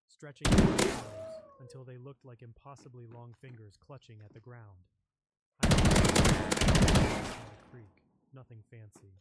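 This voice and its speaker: A man reading a scripted first-person horror story in a measured, ominous way. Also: medium pitch. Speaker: narrator. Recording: noisy background with clicks.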